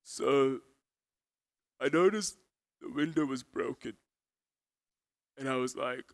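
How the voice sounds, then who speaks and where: A man's voice: medium pitch, animated, slow, long pauses. A man hosting an awards event, telling stand-up jokes in a playful, teasing way. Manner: playful, teasing, exaggerated storytelling. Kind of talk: stand-up comedy.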